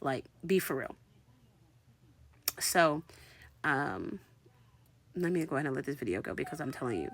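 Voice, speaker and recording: A woman in her thirties telling a casual storytime vlog, animated and slangy, acting out both sides of each conversation. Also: low voice, moderate pace, pauses often. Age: 30s. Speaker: vlogger.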